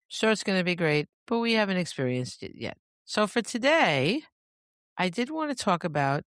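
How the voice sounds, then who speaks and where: A woman's voice: low voice, clean tone, no room sound, clean studio sound. A woman hosting a solo podcast, talking casually in a rambling, self-interrupting way with laughing asides. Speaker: podcast host.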